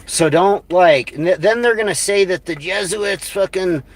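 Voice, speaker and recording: A man's voice: on the high side, a little hiss or hum. A man on a livestream, ranting crudely and scornfully in a rambling way. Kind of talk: profane livestream rant.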